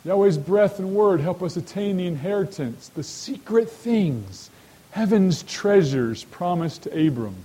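A man's voice: high-pitched, animated, unhurried, warm tone, husky, low-quality recording. Man teaching a Bible study. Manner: asks rhetorical questions and addresses listeners directly. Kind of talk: sermon-style Bible study.

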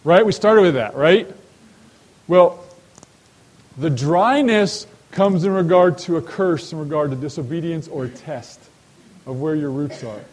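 A man's voice: on the high side, a little slow, a little mellow, poor audio. A man leading a sermon-style Bible study, who often asks his listeners rhetorical questions and speaks to them directly. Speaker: Bible teacher.

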